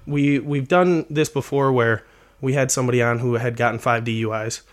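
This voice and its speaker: Male podcast host, hesitant improv, lots of ums, mid-pitched voice. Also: fairly even intonation, normal speed. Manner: hesitant, full of ums and uhs. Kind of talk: improvised comedy scene.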